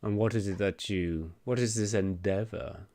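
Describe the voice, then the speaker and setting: A man voicing a huge, ancient male blue dragon who speaks in grand, slow, haughty pronouncements. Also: on the low side, steady tone, mellow, dry recording, natural voice. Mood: condescending.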